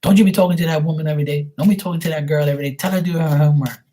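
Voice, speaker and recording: A man imitating his scolding, nosy mother, who nags him in rapid, cursing bursts. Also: fairly high pitch, fairly even intonation, voice pushed up, natural voice. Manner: shouting, cursing, rapid-fire nagging.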